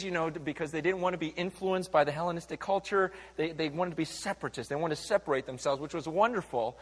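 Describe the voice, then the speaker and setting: An emphatic male pastor preaches, swinging between loud acted-out voices and quieter asides. His voice sits high for a man. The sound rings with the long reverb of a large church hall. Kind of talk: sermon.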